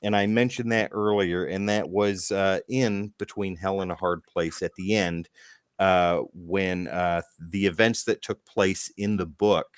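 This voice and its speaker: A man's voice: sits low, unhurried, clean tone, no room sound, clean studio sound. A man co-hosting a casual comic-book podcast, retelling scenes with acted quotes and the occasional swear. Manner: animated storytelling, acts out quotes, swears. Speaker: podcast co-host.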